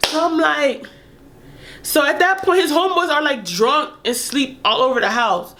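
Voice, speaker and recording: A young woman vlogger telling a casual story in an animated, profane way, laughing as she goes. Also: high voice, normal speed.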